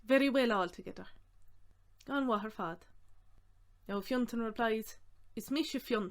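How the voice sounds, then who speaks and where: A woman with an Irish accent teaching a language lesson, saying phrases slowly and repeating them word by word before explaining them. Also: fairly high pitch. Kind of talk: slow, clear language lesson.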